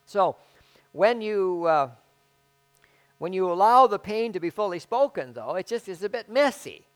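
A man preaching a conversational sermon as pastor, halting and self-deprecating, with frequent restarts. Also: high voice, big pitch swings, smooth.

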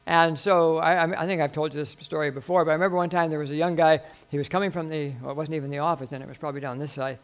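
A man's voice: fairly high pitch, fairly even intonation, very fast, hardly any pauses, clean tone. An older man preaching a sermon as pastor, folksy and rambling, with self-deprecating humor.

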